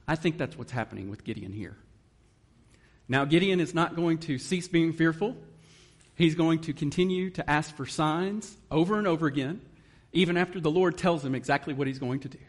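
A man's voice: fairly high pitch, moderate pace. A man preaching a sermon in an earnest manner, reading scripture and explaining it. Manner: earnest, emotional at times, reads scripture aloud. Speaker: guest preacher.

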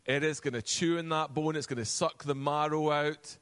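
A man preaching a sermon, animated, acting out quoted voices, and dropping to a soft, low voice for emphasis. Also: normal speed, clear, resonant tone. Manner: acts out quoted voices and asides.

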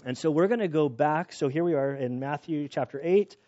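A man preaching a sermon in a casual, animated way, joking about himself and often restarting his sentences. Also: fairly high pitch, fairly quick. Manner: casual, animated, self-deprecating jokes, many restarts. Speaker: pastor. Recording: slightly dull lo-fi sound.

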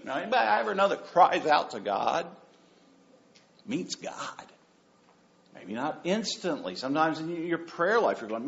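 A man preaching a sermon as pastor, animated and joking, repeating phrases for emphasis. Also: sits high, measured pace, creaky. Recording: dull lo-fi sound.

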